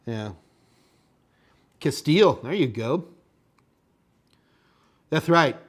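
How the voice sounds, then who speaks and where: A man hosting a live tech question-and-answer stream, rambling casually and thinking out loud as he reads viewer chat. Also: a little high, animated, drawn-out words, long pauses. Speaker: tech instructor and show host.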